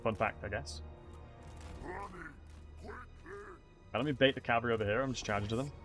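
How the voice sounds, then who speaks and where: With faint music behind him, a man from England talks at normal speed in a medium-pitched, fairly bright voice. He's streaming a strategy game and rambling to viewers in casual commentary, stumbling through fillers and restarts.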